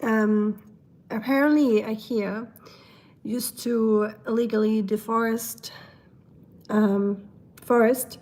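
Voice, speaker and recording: Young female streamer, casual and goofy, a fairly high but flat voice, and a throat she keeps clearing. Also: slow, long pauses. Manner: chatty, silly, laughs often, switches into German. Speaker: live stream host. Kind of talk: casual chat reading live comments.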